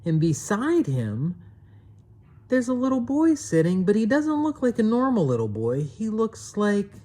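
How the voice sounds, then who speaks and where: A woman narrating a children's story with slow, expressive telling. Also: medium pitch.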